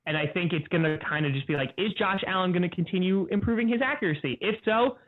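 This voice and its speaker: A man's voice: high-pitched, fast. A man who is a guest on a casual sports podcast, talking in a rambling way with lots of fillers. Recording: phone-like remote call audio.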